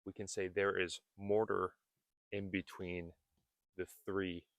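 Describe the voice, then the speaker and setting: A man gives an English lesson in a low, unhurried voice, stretching each word out and repeating terms to show how they are said. The sound is dry and close, with no room echo around him. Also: flat delivery. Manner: deliberate, repeats words to model pronunciation. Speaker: English teacher. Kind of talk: slowed-down teaching talk. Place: outdoors on a building roof at a construction site.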